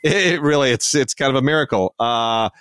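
A man's voice: mid-range voice, a little fast, a bit bright, no echo, studio quality. A man co-hosting a casual film chat, opinionated and digressive, with frequent restarts. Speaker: film reviewer, podcast co-host.

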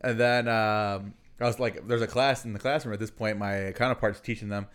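A man co-hosting a casual podcast, speaking in a smooth, clean voice. He talks in a loose, rambling way, with lots of fillers and swearing as he tells his story. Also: lowish voice, steady tone, fairly quick, a bit bright. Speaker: podcast co-host.

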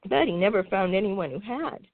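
A woman host reading a children's storybook aloud in an expressive, lilting way. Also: medium pitch, normal speed, no room sound. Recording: tinny phone-like sound.

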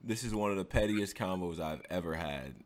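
A man in casual chat, emphatic and joking as he argues. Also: deep voice. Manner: animated, emphatic, quick to argue and joke.

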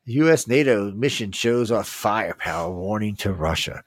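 A man's voice: on the low side, animated, moderate pace, few pauses, dry recording. A man hosting a casual news talk, reading headlines and rambling bluntly with swearing and trailing-off sentences.

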